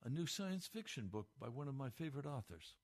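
A man giving a radio devotional, speaking fervently, his pitch climbing when moved, recorded in a radio studio. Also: big pitch swings, brisk. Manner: fervent, rising pitch with emotion. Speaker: radio preacher.

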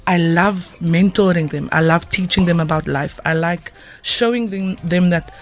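A woman's voice: fairly low pitch, normal speed. A South African woman from Cape Town, a musician talking enthusiastically and from the heart as a guest on a radio show in the studio. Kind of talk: casual radio interview. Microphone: studio microphone.

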